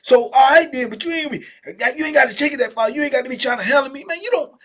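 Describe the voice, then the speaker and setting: A man's voice: high-pitched, very animated, quick pace, fairly bright tone, slightly rough, full character voice. A man voicing a furious older male prison cellmate who scolds in heated, repetitive slang. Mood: angry.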